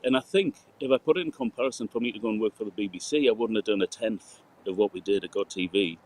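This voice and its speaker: A man from Newcastle with a softened Geordie accent, a guest telling stories in a rambling, casual interview over a video call. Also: lowish voice, fast, slight background noise, poor audio. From Newcastle, England. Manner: rambling storyteller, laughs and fillers. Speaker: guest, sound engineer.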